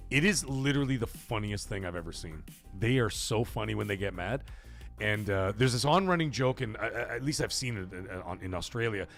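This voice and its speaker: A man's voice: lowish voice, gravelly, fairly bright tone. A man hosting a casual livestream from a home game room, rambling, swearing, laughing often and reading chat aloud. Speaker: livestream host.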